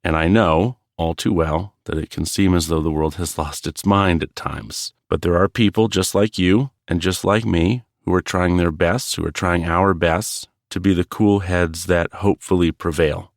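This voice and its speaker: A man with a very low, deep voice hosts a solo podcast. He talks in a calm, measured and earnest way, and the recording is dry and close. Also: gravelly, no room sound. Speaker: podcast host. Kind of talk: reflective solo podcast narration.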